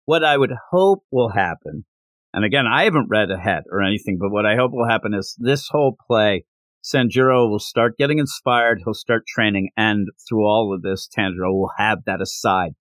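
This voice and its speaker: A man hosting a casual podcast, recapping a manga chapter with jokes and frequent laughs, slipping into quick character voices. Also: lowish voice, dry recording, clean studio sound. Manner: animated, slips into character voices while retelling scenes; joking, laughs often. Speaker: podcast host.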